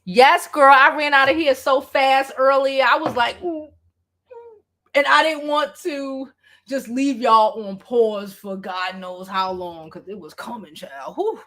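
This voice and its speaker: A woman with a high voice talks through a casual gossip livestream, loose and profane. Her tone is bright and tense. She laughs easily and stays expressive throughout. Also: measured pace. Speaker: celebrity gossip vlogger.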